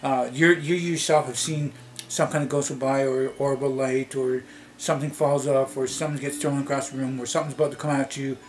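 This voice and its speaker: A man's voice: mid-range voice, steady tone, brisk, slight background noise. A man vlogging a rambling, annoyed movie critique to camera, full of fillers and restarts. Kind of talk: casual movie rant to camera. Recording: music playing clearly behind the voice.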